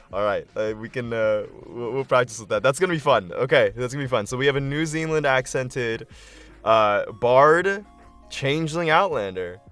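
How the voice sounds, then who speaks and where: An excitable man hosts a casual live stream as a game master, thinking out loud and filling pauses with "like" and "um". His voice sits at a middling pitch and jumps up when he gets excited. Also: faint music behind. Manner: excitable, thinking aloud, many fillers.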